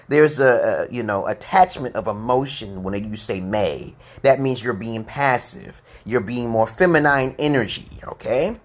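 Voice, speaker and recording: Rambling man in his forties teaching English. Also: mid-range voice. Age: 40s. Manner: rambling, repeats "okay?" often. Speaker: English teacher on a live stream. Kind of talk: casual live-stream English lesson.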